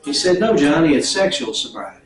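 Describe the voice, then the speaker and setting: A man's voice: fairly high pitch, lively intonation, a little fast. Man doing comic gospel talk. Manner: drawling comic preacher, breaks into song. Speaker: comedian guest. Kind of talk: stand-up comedy song with guitar. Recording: roomy, a little distant from the mic, with guitar.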